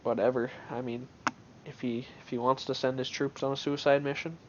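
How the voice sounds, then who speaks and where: A man's voice: medium pitch, level tone, a little fast, highs cut off, a little hiss or hum. A man giving casual gameplay commentary on his own match, thinking aloud in an offhand way with many restarts.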